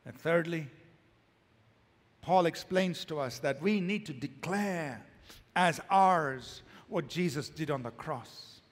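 A male pastor preaching a sermon, swinging from emphatic, loud declarations to hushed, quiet lines. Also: a little high, slow pace, long reverb tail.

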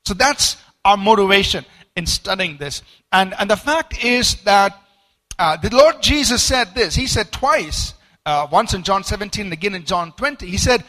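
High, bright-voiced male preacher. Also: unhurried. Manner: animated, acts out quoted voices with rising emphasis; stumbling repeats and fillers. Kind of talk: sermon teaching from a study book.

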